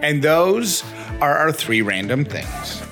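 A man's voice: on the high side, wildly swooping pitch, slow, bright, forceful tone, soft background music. A man co-hosting a podcast, chatting casually and reading listener texts with rambling self-corrections. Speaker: podcast co-host.

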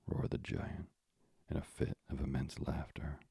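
A man narrating a classic storybook in a measured, old-fashioned manner, with moralizing asides. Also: very deep voice, flat delivery, creaky, mellow, breathy edge, no echo, studio quality.

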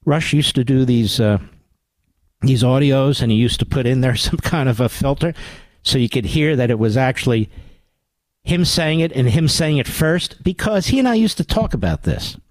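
A man's voice: mid-range voice, expressive, normal speed, no room sound. A man hosting a radio talk show, giving combative political commentary, sarcastic and indignant, often climbing into pointed rhetorical questions on a studio mic.

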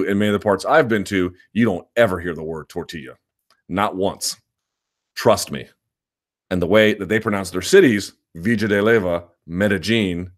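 A man hosting a live chat, answering viewer questions in a rambling, self-assured way, often restarting his sentences. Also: low voice. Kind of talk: live chat, casual and opinionated.

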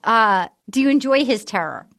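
Brash lady hosting a chat podcast, high voice, swears a lot, laughs. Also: lively intonation, moderate pace, creaky, fairly bright tone. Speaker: podcast host. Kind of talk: casual chat.

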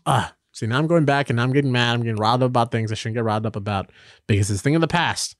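A young man co-hosting a casual sports chat, telling rambling stories full of "um" and "like", jumping up in pitch when he gets worked up. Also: racing, no room sound, studio quality. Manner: animated, rambling storytelling with many fillers. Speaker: podcast co-host.

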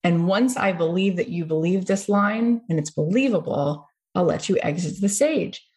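A woman's voice: lowish voice, normal speed, a little mellow. A woman hosting an interview podcast, talking in an effusive, storytelling way. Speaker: podcast host. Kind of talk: conversational interview.

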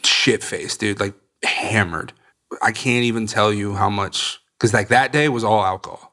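Blunt man telling his story, low voice. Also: moderate pace, pushed and bright. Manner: blunt, swears casually, acts out quoted people. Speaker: guest sharing recovery story. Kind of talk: candid storytelling.

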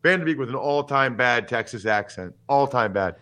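A man in his forties hosting a casual sports podcast, talking in an animated, emphatic and opinionated way with jokes. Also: mid-range voice, normal speed. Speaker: podcast host and former football player.

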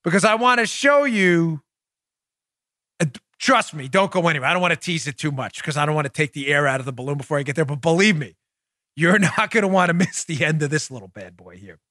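A man hosting a political podcast, delivering sarcastic, mocking commentary in an animated way. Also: a little high, brisk, no room sound, clean studio sound. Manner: mocking, animated, laughs at own jokes. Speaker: podcast host.

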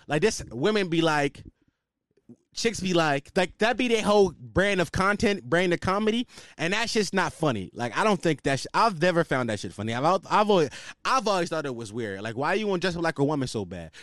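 Animated man ranting on a podcast. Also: fairly high pitch, a little fast, no echo, studio quality. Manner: animated, ranting, loose slangy delivery. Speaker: podcast host. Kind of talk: casual solo podcast rant.

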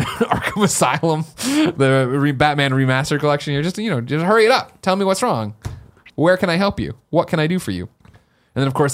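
A young adult man co-hosting a podcast, telling a story in excitable, animated casual chat. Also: a little high. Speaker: podcast co-host.

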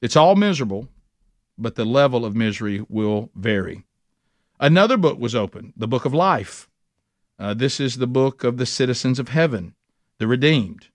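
A man's voice: medium pitch, lively intonation, normal speed, no echo. A middle-aged man teaching a men's Bible study in an earnest, emphatic, folksy way. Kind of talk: conversational sermon teaching.

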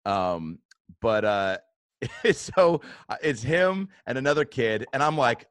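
A man telling a long story in relaxed chat, with mid-range pitch and lively swings into loud acted-out quotes. He swears freely and piles up fillers as he goes. The sound is close and dry, with no room around it. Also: slow pace, clean tone, dry recording. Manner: animated, swearing, acts out quotes in bursts.

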